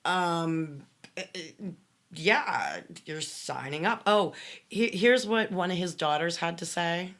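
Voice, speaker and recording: Woman podcast co-host, low voice, animated storyteller, tired, casual. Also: slow pace. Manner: animated, tells stories with quoted asides. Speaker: podcast co-host, former cult member. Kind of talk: casual chat.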